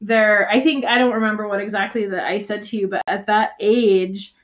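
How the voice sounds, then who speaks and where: A woman's voice: mid-range voice, steady tone, moderate pace. A woman co-hosting a casual chat podcast, reacting supportively with short replies and laughs. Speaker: podcast co-host.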